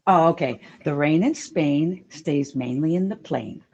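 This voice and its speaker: A woman's voice: low-pitched, a little slow, darkish tone, highs cut off. A middle-aged woman from Long Island phones in to a live show. She talks in a chatty, earnest way, keeps pressing her question, and laughs easily with the hosts. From Long Island, New York. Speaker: caller.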